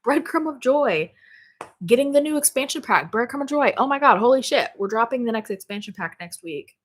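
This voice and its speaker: A woman's voice: on the high side, lively intonation, fairly quick. A woman hosting a spirituality live stream, chatting casually and reading out viewer comments. She is bubbly and exclamatory, laughs often and swears casually. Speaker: spirituality livestream host. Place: home office.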